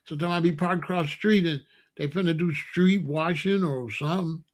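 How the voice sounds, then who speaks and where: A man's voice: high-pitched, fairly quick. Older man, rambling storyteller. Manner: rambling, pointing things out. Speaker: vlogger. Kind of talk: casual storytelling.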